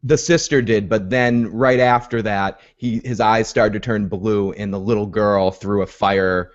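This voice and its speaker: A man's voice: lowish voice, fairly even intonation, a little slow, lo-fi sound. A man co-hosting a casual recap podcast, retelling the episode with many fillers and restarts. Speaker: podcast co-host.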